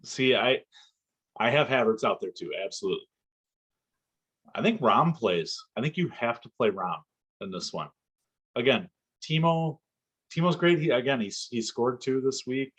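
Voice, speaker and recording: A man co-hosting a casual football podcast, talking in an animated, excitable way and laughing often. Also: medium pitch, normal speed, long pauses, husky. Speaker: podcast co-host.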